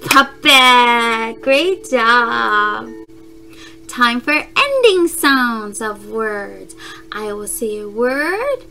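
A woman teaching a phonics lesson to young children, saying words slowly and clearly and repeating them for the class to echo. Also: a little high, sharp tone. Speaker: kindergarten teacher.

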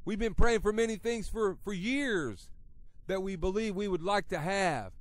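High-voiced man preaching, dry sound. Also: expressive, normal speed, no echo. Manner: conversational preaching that builds to loud emphatic passages. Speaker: radio preacher. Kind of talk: sermon.

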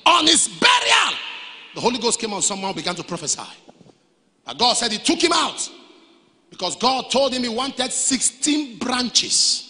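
A male pastor preaching a sermon, dropping to quiet storytelling and then rising to shouted lines. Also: very high-pitched, expressive, normal speed. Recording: reverberant hall.

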